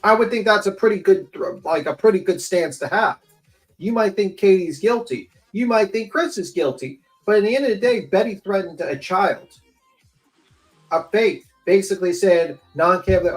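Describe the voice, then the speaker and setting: A man's voice: high-pitched, moderate pace, faint music behind, low-quality recording. A man hosting a livestream, giving heated, blunt opinion commentary with plenty of profanity.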